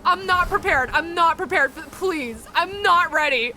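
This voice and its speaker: A woman's voice: very high voice, unhurried, hardly any pauses, sharp tone, some chatter behind, slight background noise. A woman streamer giving live gameplay commentary, reacting aloud in an emotional, exclamatory way. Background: faint game music.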